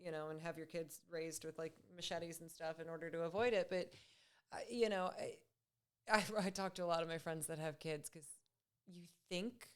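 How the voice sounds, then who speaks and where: A woman's voice: sits low, fairly even intonation, moderate pace, clean tone. A woman in her thirties, a guest on a podcast, talking in an upbeat, chatty way and laughing often. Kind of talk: casual interview chat.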